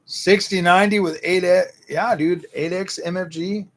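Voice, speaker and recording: A man's voice: sits high, steady tone, moderate pace, fairly bright tone. A man hosting a casual livestream, answering chat in a slangy, ranting way, often repeating himself and restarting his sentences.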